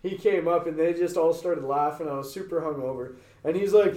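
A man's voice: high-pitched, fast, darkish tone, recorded from a distance. A young man co-hosting a podcast, telling crude party stories with lots of swearing. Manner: crude, swearing, boastful storytelling. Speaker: podcast co-host. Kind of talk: casual chat. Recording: roomy, off-mic sound.

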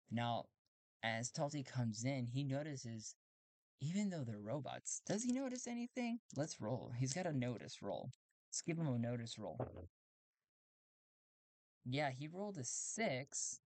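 A man's voice: medium pitch, dry recording. Rambling man narrating a solo tabletop game. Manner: rambling, self-correcting, chuckling. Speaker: solo game master and player.

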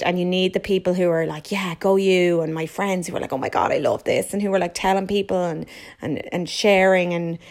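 Chatty woman with a lowish voice. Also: a little mellow. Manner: chatty and emphatic, with quick asides. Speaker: podcast host. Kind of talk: casual solo podcast advice.

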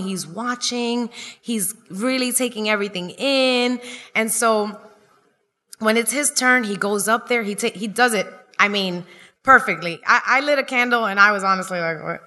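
A woman doing stand-up comedy, telling a lively story to a live audience and acting out the people she quotes. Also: fairly high pitch. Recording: long hall reverb.

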